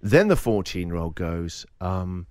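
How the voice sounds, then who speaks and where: Animated man telling a story. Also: deep voice, measured pace, clear, resonant tone, dry recording. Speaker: radio show host. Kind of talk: storytelling on a breakfast radio show.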